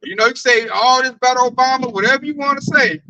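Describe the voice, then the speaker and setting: A man in a casual group discussion, animated and slangy, often tagging his sentences with "man". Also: extremely high pitch, fast, no echo, dull audio. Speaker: camp group member.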